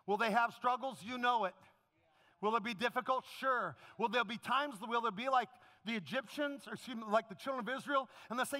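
A man's voice: very high voice, brisk. A man preaching a sermon as pastor, then leading the congregation in an emotional prayer. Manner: impassioned preaching, rising to a shout.

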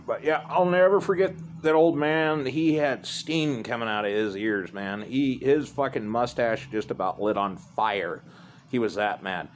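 A man's voice: fairly low pitch, a little hiss or hum. A man telling a rambling, profane story in a laid-back, casual way.

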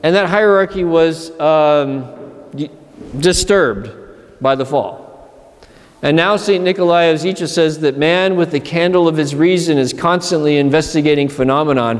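In a church, a man's voice on the higher side rings out with a long reverberant tail. He's a Pennsylvania monastery abbot delivering a chatty retreat sermon, voicing the inner voices he describes.

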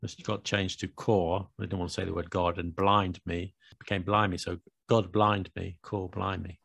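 A man's voice: deep voice, little pitch movement, normal speed, vocal fry, fairly bright tone, breathy edge, no room sound, clean studio sound. A British man co-hosting a podcast, chatting casually and joking, often laughing as he explains words. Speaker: podcast co-host. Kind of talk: casual chat.

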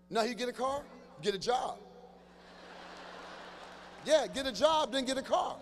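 A male stand-up comedian riffing with someone in a live audience, teasing loudly and breaking into sudden shouted bursts. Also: high-pitched. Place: large church hall before a live audience. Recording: reverberant hall with faint ambient noise.

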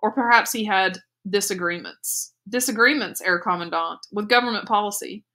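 A woman reading the part of a stern, commanding military father who questions others in a cold, probing, sharp way, in a read-aloud story. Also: sits high, normal speed. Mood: menacing.

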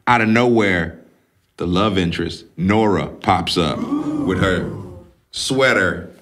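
Man, podcast host, low voice, casual film recap, swears a lot, acts out characters. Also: takes it slowly. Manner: animated, profane storytelling, acting out characters.

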